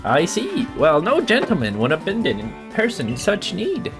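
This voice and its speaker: A fussy, courteous professor, as a man puts him on talks in a raised, lively voice full of prim, old-fashioned phrasing. Game music runs underneath. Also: high voice, normal speed, voice pushed up. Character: polite, fussy, genteel male professor.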